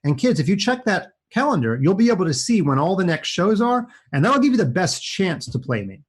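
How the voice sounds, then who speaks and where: A man's voice: high voice, big pitch swings, fairly quick, breathy edge. A man in his forties giving playful, chatty live chess commentary aimed at children, with jokey asides. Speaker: chess streamer playing kids online.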